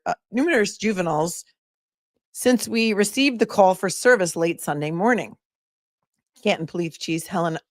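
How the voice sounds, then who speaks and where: A woman's voice: fairly low pitch, no room sound, clean studio sound. A woman attorney hosting a casual livestream, chatting with viewers and thinking aloud with many asides. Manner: reads viewer messages aloud. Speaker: attorney and commentator.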